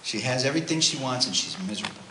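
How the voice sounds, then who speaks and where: A man gives a storytelling religious talk at a youth retreat, animated and conversational. His voice is forceful and bright. It echoes around a roomy hall with faint noise behind it. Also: mid-range voice, rapid-fire. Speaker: retreat speaker, homeless ministry worker. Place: parish hall.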